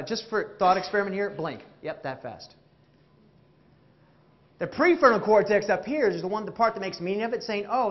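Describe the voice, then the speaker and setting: High-voiced man giving a jokey keynote. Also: muffled recording. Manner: animated, jokey, questions the audience. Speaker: keynote speaker. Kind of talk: interactive motivational keynote. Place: stage before a live audience.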